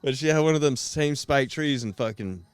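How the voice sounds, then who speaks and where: A man's voice: medium pitch, normal speed, smooth, no room sound. A man hosting a casual podcast chat, telling stories full of swearing and laughter. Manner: profane, laughing storyteller. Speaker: podcast host.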